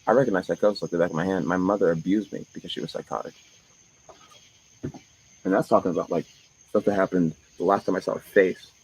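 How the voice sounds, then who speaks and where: Low-voiced man rambling on a stream. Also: steady tone, quick pace, long pauses, a little mellow, breathy edge, low-quality recording. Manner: profane, jumps between topics. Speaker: live streamer. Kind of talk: rambling live-stream monologue.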